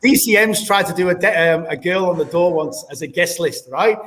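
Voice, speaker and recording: A man's voice: high voice, a little fast, a bit bright, echoey room. An Australian man, a former doorman, telling blunt, swear-filled stories and acting out old arguments in a casual podcast chat. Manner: blunt, swearing, acts out quotes. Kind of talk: casual storytelling.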